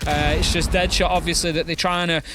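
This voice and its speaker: A man's voice: a little high, noisy background. A man casting an esports match, calling the plays and bantering with his co-caster. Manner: fast excited calls, playful banter. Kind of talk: play-by-play commentary.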